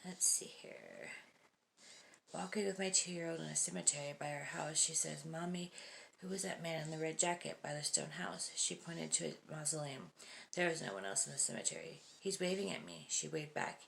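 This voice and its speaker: A woman hosting a video, reading short stories aloud and breaking off for casual comments and soft, whispered asides. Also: deep voice, brisk, creaky, a little hiss or hum. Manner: laughs often and drops to whispered asides. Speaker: host.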